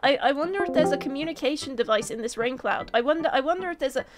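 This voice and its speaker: A woman's voice: high-pitched, expressive, quick pace, loud music behind the voice. A young woman giving silly, theatrical commentary over a Minecraft video, often stumbling and restarting her words. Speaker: Minecraft YouTuber. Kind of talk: playful gameplay commentary.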